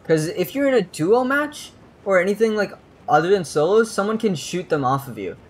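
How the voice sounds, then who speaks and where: Lively, rambling streamer. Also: medium pitch, normal speed. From New Jersey. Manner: rambling, profane, laughs often. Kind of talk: casual gaming stream chatter.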